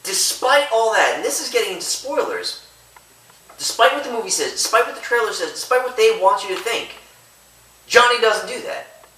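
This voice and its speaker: A man's voice: high voice, big pitch swings, moderate pace, bright, forceful tone, recorded from a distance. A man giving a casual, rambling movie review, often breaking off and restarting his thoughts. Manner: rambling, chatty, self-interrupting. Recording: echoey room, away from mic.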